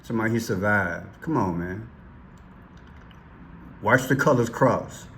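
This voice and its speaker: A man hosting a casual commentary vlog, excitable and repetitive as he points things out on screen. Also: fairly low pitch, unhurried, a little hiss or hum. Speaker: vlog host.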